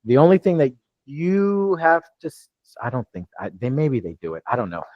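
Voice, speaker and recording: A man's voice: mid-range voice, very animated, normal speed, dry recording, highs cut off. A man from New York coaching a live online training, talking loosely with many restarts over a video call. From New York, USA. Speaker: real estate deal coach.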